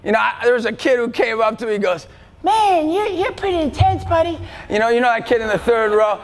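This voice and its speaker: A man in his thirties giving an intense, shouting, jokey faith talk to a live audience. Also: high-pitched, flat delivery, fast talker. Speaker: youth speaker. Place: large event hall. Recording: long hall reverb, faint crowd.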